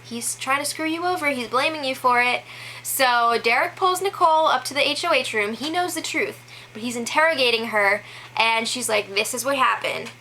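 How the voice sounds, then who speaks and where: A woman talks through a recap in a loose, chatty way, dropping "like" often and breaking into quick laughs. Her voice is bright and sits a bit high. Faint background noise runs under her. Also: rough recording. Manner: chatty, many "like" fillers, laughs between quotes. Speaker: show recap host. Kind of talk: casual spoken recap.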